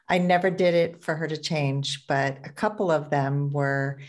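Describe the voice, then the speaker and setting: Low-voiced calm woman in her sixties. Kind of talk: casual chat.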